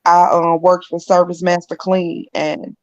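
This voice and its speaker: A woman's voice: lowish voice, little pitch movement, measured pace, darkish tone, dry recording, muffled recording. A woman in casual chat, telling stories in a matter-of-fact way.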